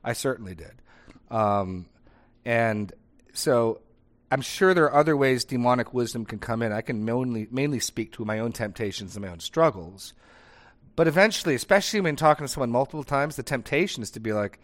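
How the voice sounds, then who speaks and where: Animated male pastor teaching. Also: medium pitch, fairly quick. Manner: animated, acts out dialogue examples. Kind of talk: conversational sermon.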